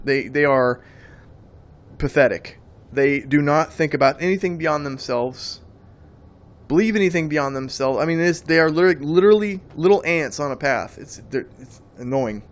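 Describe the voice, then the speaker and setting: A man giving a preaching monologue on faith, emphatic and rambling, often repeating his words as he goes. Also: a little high. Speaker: Christian speaker.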